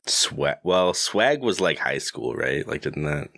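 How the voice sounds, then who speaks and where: Really deep dude hosting a podcast, bright punchy voice, dry close sound, chill and slangy. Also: male voice, very animated, slow, gravelly, no room sound. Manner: laid-back, slangy, laughs often. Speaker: podcast host. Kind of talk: casual chat.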